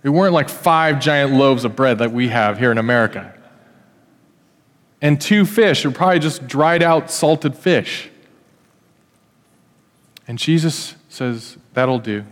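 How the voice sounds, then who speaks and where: Animated male pastor in an echoey hall. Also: medium pitch, a little slow, pauses often. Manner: animated, conversational storytelling with acted-out quotes. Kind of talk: sermon. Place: church hall.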